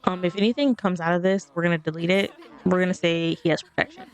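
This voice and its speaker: A woman's voice: lowish voice, fast talker, clean tone. A woman casually commenting on her life-sim game as she plays, rambling and laughing between remarks. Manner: chatty, rambling, laughing asides. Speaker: let's play streamer.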